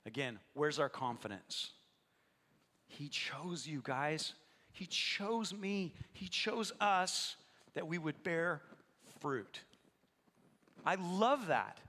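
Male pastor, bright tone, lively sermon delivery with asides to the congregation, reverberant church hall. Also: fairly high pitch, slow pace, long pauses. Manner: animated, jokes with the congregation.

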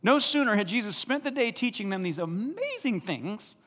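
High-pitched pastor guy, lively sermon, big echoey hall sound. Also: normal speed. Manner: animated, laughing often, acting out Bible figures.

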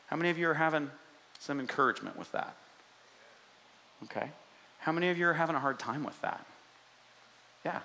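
A man pastor preaching a sermon in an animated, conversational way, often asking the congregation questions. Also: fairly high pitch, fairly quick, vocal fry, pauses often.

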